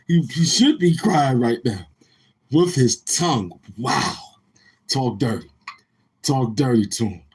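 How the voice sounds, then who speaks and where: A man with a husky, slightly rough voice hosts a live stream. He roasts a viewer in loose, joking banter and often breaks into laughter. He talks straight to his chat. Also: mid-range voice.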